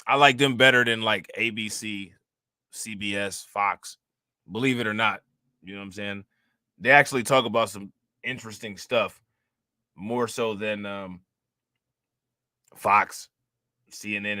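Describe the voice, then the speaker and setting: A man's voice: fairly low pitch, fairly even intonation, measured pace, pauses often, bright, forceful tone, dry recording, clean studio sound. A man giving casual, slangy reaction commentary on news clips, mocking and talking straight to his viewers.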